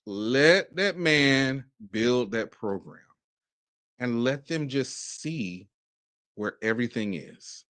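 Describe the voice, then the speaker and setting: Man from Mississippi, forties, casual sports commentary, animated bursts, mid pitch, dry close mic. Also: slow pace, no room sound. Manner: animated, talks in bursts with restarts. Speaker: podcast host.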